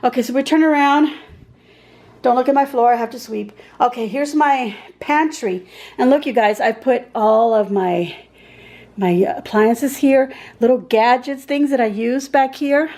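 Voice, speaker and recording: A woman's voice: fairly high pitch, measured pace, darkish tone, poor audio. A middle-aged woman from Texas giving a casual, rambling tour of her kitchen and pantry as a vlogger, often searching for words. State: out of breath. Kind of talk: casual home tour chat. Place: home kitchen.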